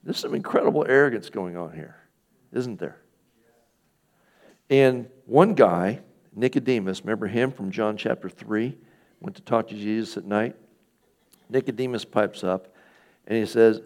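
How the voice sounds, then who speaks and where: Male pastor, middle-aged, low gravelly voice, relaxed conversational sermon. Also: measured pace, pauses often. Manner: conversational, asks the listeners questions, acts out quoted speakers.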